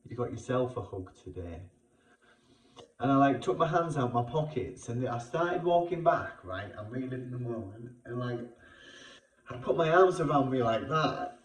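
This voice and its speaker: A British man talking through an emotional personal experience in a vlog, halting and repeating himself with many fillers. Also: medium pitch, lively intonation. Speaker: vlogger. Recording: roomy sound, far from the mic.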